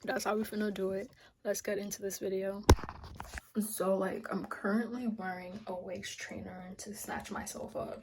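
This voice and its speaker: A young American woman talking casually to her vlog camera, a bit out of breath, often dropping to a soft half-whisper. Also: medium pitch, level tone, normal speed, slight background noise. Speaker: vlogger. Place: home kitchen.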